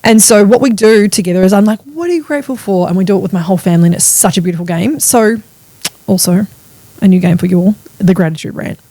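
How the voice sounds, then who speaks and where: A chatty woman in her thirties, riffing fast and animated on her own podcast and swearing casually. Her voice sits at an ordinary middle pitch. The recording is dry and close, with no room sound around her. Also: no room sound. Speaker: podcast host. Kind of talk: casual solo podcast monologue.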